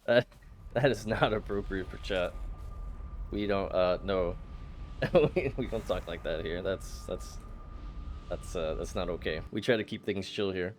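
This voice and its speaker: A man's voice: low voice, a little slow, long pauses, slight background noise. A man streaming a game, chatting casually with his chat, playful and teasing, often laughing and stammering. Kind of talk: casual live-stream chat while gaming.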